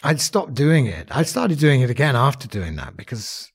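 A man's voice: medium pitch, big pitch swings, moderate pace, husky. A man, an actor, talking casually in an interview, rambling and self-mocking with restarts. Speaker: actor and songwriter guest.

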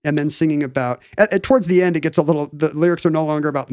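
Man, casual chat, slightly high pitch, chatty explainer, filler words, dry close sound. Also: rapid-fire, clear, resonant tone, no echo. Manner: explains history in a chatty, animated way with many fillers.

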